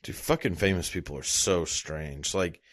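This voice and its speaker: A man's voice: deep voice, normal speed. A young man talking in a loose, rambling monologue, swearing a lot and laughing at himself. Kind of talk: casual profane monologue.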